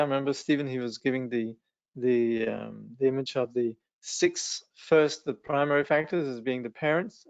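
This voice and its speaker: A male Buddhist studies teacher reading a text aloud and commenting on it in a relaxed, hesitant way. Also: mid-range voice, vocal fry, no echo, dull audio. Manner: relaxed, hesitant, with restarts and small laughs.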